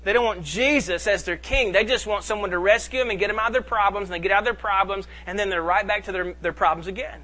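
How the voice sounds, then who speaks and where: A male pastor delivering a sermon in a very high, bright voice. He reads scripture aloud and presses his points with sudden rises and drops in volume. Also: quick pace, few pauses.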